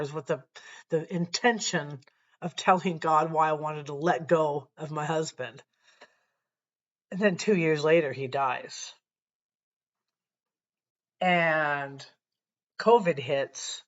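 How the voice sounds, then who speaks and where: A woman sharing a personal faith testimony to camera, earnest and reflective, often pausing and restarting her sentences. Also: low-pitched, muffled recording.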